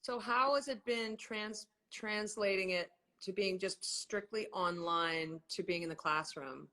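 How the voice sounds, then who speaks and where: Bright, animated woman in her fifties. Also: unhurried. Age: 50s. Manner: animated, swears freely, big swings in pitch. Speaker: host. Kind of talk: casual livestream chat.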